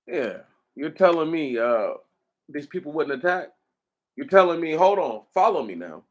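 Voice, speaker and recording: A man's voice: on the high side, sing-song, normal speed. A man delivering an impassioned commentary, hammering his points with repeated rhetorical questions in a preaching cadence.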